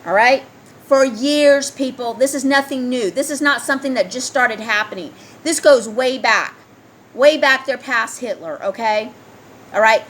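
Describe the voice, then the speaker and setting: A woman's voice: a little high, measured pace, fairly bright tone. A woman in a heated, ranting solo commentary, reading news aloud and firing rhetorical questions at her listeners.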